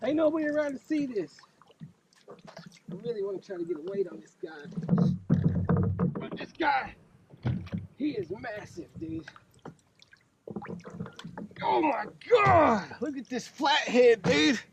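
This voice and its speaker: A man, a fishing vlogger talking to camera with loud excited exclamations and free swearing, out on a lake. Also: very high voice, moderate pace, long pauses. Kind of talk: excited casual narration to camera. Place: on a boat on a lake outdoors. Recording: noisy outdoor lake audio.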